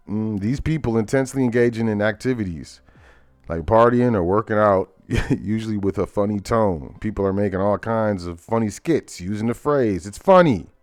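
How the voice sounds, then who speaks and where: Low-voiced male host, laughing through headlines. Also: no echo, clean studio sound. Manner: laughs often, reads headlines aloud with asides. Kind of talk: casual current-events commentary.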